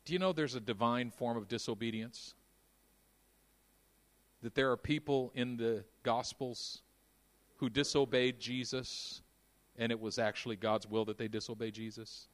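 A man preaching a sermon, moving between quiet intimate passages and loud, fervent stretches. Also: medium pitch, fairly even intonation, a little slow. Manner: dynamic, swings from hushed to shouting.

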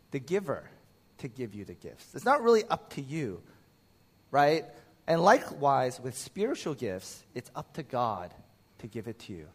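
A man in his thirties preaching a casual, conversational sermon, telling animated stories and acting out quotes. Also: on the high side. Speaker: pastor.

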